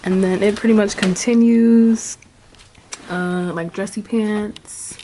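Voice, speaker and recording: A young woman chats casually from her bedroom, winded and breathing heavily between phrases. She drifts along slowly, filling gaps with ums and likes. Faint clicks sit under her voice. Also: mid-range voice, fairly even intonation, warm tone, slight background noise. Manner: chatty, rambling, with many fillers. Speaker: vlogger. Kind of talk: casual chat.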